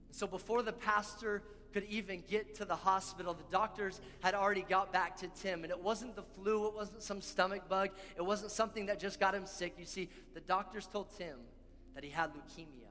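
With a high-pitched, pushed and bright voice, a man preaches earnestly as pastor, repeating key lines to drive them home. Faint music and long hall reverb fill the recording.

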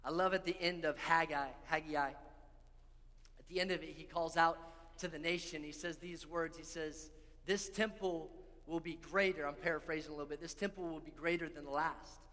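A man's voice: fairly high pitch, steady tone, normal speed, sharp tone. A man preaching a sermon as pastor, earnest and repeating key lines for emphasis. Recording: long hall reverb with faint music.

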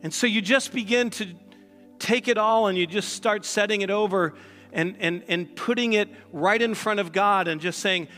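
A man's voice: high-pitched, moderate pace, bright, forceful tone, long reverb tail, faint music behind. A male pastor preaching a sermon in a conversational way, with sarcastic asides.

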